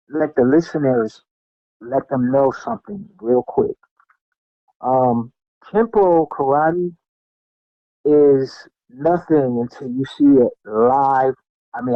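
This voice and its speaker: A middle-aged man, a podcast guest and martial artist, telling stories in an animated, casual way with many fillers and restarts. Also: medium pitch, no room sound. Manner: animated, lots of fillers and restarts, acts out what people said. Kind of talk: casual storytelling. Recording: dull lo-fi sound, dry.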